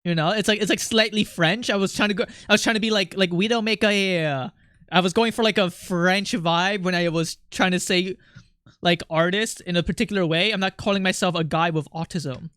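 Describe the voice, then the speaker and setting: A young man streaming while he draws, chatting casually with his viewers in a rambling, animated way, often breaking into laughter. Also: sits high, fairly quick, clear, resonant tone, dry recording, studio quality. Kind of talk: casual livestream chat while drawing.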